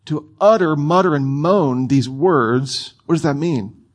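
A man preaching a sermon in a conversational, playful way, with asides to his listeners. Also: fairly high pitch.

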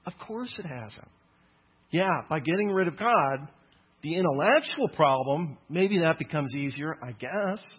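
Husky-voiced man giving an animated sermon. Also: a little high, measured pace. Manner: animated, acts out quoted voices. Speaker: Christian speaker. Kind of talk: apologetics talk to an audience. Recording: dull lo-fi sound.

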